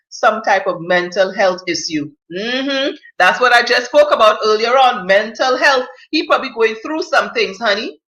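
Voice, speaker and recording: Female talk host, blunt and emphatic, bright tone, echoey room. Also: medium pitch. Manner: outspoken, emphatic, blunt, with slang. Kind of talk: live-stream advice talk, reading viewer comments.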